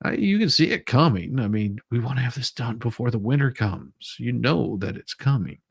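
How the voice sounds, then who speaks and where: A man's voice: mid-range voice, animated, normal speed, gravelly, slightly rough, no room sound. A man hosting a casual livestream, greeting viewers from the chat and laughing often. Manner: laughs often, repeats words while restarting. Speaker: livestream host reading chat.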